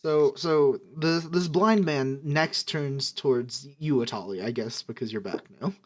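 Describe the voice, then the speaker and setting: A man's voice: medium pitch, measured pace. Man running a tabletop game. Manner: hesitant narration with many restarts. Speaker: game master.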